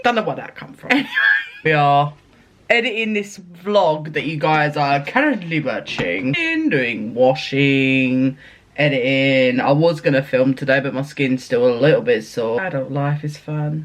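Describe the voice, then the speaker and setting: A woman telling a rambling story to her vlog audience, chatty, laughing and swearing along the way. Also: low-pitched. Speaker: vlogger.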